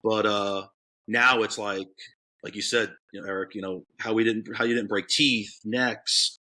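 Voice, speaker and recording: A man's voice: lowish voice, steady tone, a little slow, sharp tone. A man in his thirties from Florida, a guest telling his story in casual chat, rambling with many fillers. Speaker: podcast guest, K9 handler.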